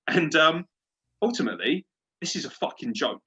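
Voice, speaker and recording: A man's voice: on the high side, very animated, normal speed, bright, forceful tone, breathy edge. A man hosting a sports podcast, ranting and swearing at a refereeing decision in casual chat. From Britain. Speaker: podcast host. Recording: dull lo-fi podcast audio.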